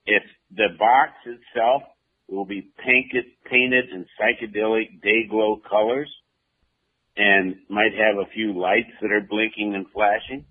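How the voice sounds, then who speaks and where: Man, radio co-host, slow unhurried talk, drawn-out storytelling, tinny phone-like sound. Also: lowish voice, fairly even intonation. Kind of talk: casual radio chat.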